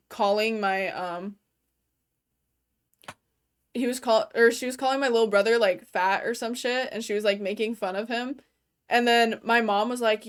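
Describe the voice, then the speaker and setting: A young adult woman streamer chats from her bedroom in a slightly high voice. Her talk is loose, meandering and casual, full of "like" fillers and easy swearing. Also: clean tone. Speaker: gaming streamer. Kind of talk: casual chat while streaming a game.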